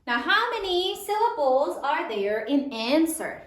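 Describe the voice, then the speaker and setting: A woman teacher leading a spelling lesson, slowly sounding out words letter by letter for young pupils. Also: high voice, very animated, a bit bright. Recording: echoey room, mic at a distance.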